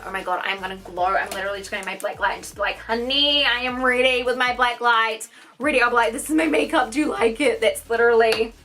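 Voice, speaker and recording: A young woman vlogging a makeup unboxing, gushing and gasping with endless excitement. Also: fairly high pitch. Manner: gushing, gasping, lots of "oh my god" and "honey". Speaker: beauty vlogger.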